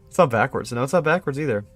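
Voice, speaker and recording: A man's voice: medium pitch, husky. Young man reading clues on a live stream. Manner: reads reports aloud, then chats with viewers and laughs; thinks aloud while puzzling out a code. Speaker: streamer exploring an online mystery.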